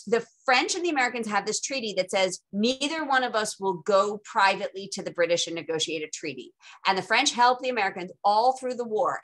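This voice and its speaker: A woman's voice: mid-range voice, a bit bright. A woman teaching a casual live online lecture, talking informally and chattily with dry, sarcastic asides.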